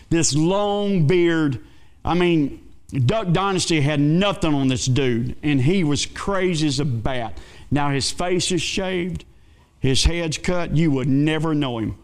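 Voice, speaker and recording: A male pastor, telling a folksy story in a sermon with dramatic swings between excited and hushed. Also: fairly high pitch, clear, resonant tone.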